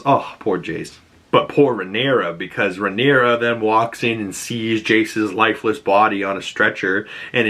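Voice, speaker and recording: A man casually breaking down a TV episode, excitable and swearing freely. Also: on the low side. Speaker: YouTube show recapper.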